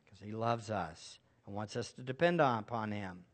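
A man's voice: lowish voice, animated, normal speed. A middle-aged male pastor preaching a sermon, asking the congregation rhetorical questions.

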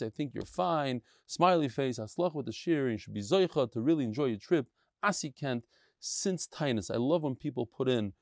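A man giving a lively, chatty Talmud lesson, mixing Yiddish and Hebrew terms. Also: medium pitch, no room sound, clean studio sound. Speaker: Talmud teacher giving a daily daf shiur.

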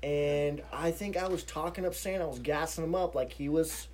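A man co-hosting a casual chat, playful and animated as he tells stories. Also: fairly high pitch, moderate pace, a little hiss or hum. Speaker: podcast co-host.

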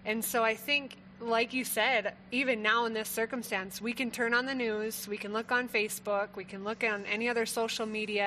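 A woman's voice: fairly high pitch, sharp tone, slight background noise, rough recording. A woman co-hosting a faith talk, affirming and conversational as she builds on her partner's points.

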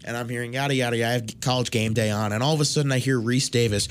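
A young man co-hosting a casual sports podcast, telling stories in an animated way. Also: medium pitch, rapid-fire, few pauses, clean tone. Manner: animated storyteller. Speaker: podcast co-host. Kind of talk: casual sports chat, storytelling.

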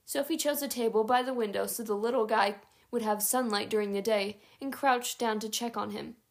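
A woman narrating a chapter book aloud in a steady, even read-aloud manner. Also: on the high side, fairly quick. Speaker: audiobook narrator.

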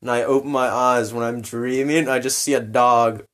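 A man's voice: mid-range voice, steady tone, normal speed, fairly bright tone. A young man co-hosting a casual podcast, telling a story in a laid-back way, full of "like" and swearing. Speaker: podcast co-host.

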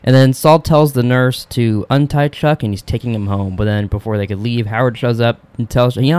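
Casting: young male podcast co-host, rapid-fire recap, mid-pitched, acts out quotes, salty language. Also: a little mellow, clear, resonant tone, dry recording. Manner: rapid retelling, acting out characters' lines, swears freely. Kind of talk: casual chat recapping a TV episode.

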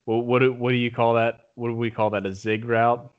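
A man in casual sports talk, telling a game story with excited, rambling restarts. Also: mid-range voice, fairly quick. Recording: dull lo-fi audio.

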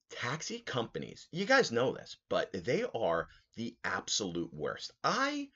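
A young man hosting a podcast, telling a rant story in a casual, animated way, swearing freely and laughing as he talks. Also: lowish voice. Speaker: podcast host. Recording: slightly dull podcast audio.

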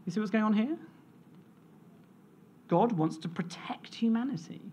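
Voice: mid-range voice, expressive, moderate pace, darkish tone, a little hiss or hum. A preacher delivering a sermon in an earnest, storytelling manner, reading scripture and sharing a family anecdote.

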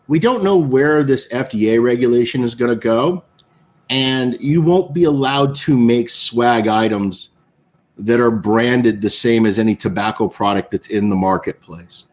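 A man's voice: mid-range voice, measured pace, darkish tone. Storytelling man, guest on a live interview. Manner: storytelling, acting out others' quotes. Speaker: guest, cigar maker. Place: remote, live online show.

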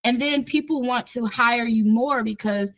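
A woman's voice: on the high side, normal speed, fairly bright tone. A woman hosting a podcast interview, chatting casually, laughing often and acting out quoted conversations. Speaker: audiobook producer and podcast host.

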